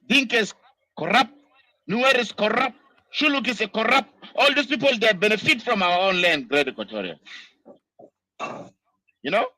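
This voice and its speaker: A man's voice: high voice, bright, forceful tone, dry recording, low-quality recording. A man from Sudan, delivering an angry, impassioned political monologue full of repeated "you know"s. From South Sudan. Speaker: diaspora political commentator.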